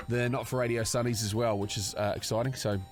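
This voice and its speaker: A man's voice: mid-range voice, fairly even intonation, fast talker. A man with a New Zealand accent, co-hosting a casual podcast and telling rambling, sweary stories. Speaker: podcast co-host.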